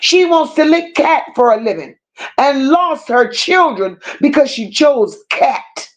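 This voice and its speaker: A woman hosting a commentary stream, talking in a slow, emphatic and scornful way and stopping to read viewer comments aloud. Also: high voice, very animated. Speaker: commentary channel host. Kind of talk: unscripted livestream rant.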